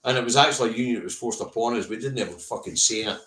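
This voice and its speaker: A man's voice: medium pitch, very fast, fairly bright tone, a little hiss or hum. A man with a Scottish accent hosting a casual live stream, blunt and sweary, answering viewers' comments by name. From Scotland. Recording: roomy echo.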